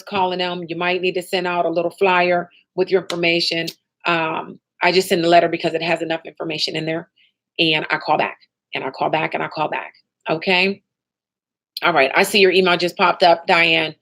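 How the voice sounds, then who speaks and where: Upbeat low-voiced woman training sales agents. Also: little pitch movement, normal speed, fairly bright tone. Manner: upbeat, motivational, talks straight to trainees with frequent "okay?" and "right?". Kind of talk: live online training session.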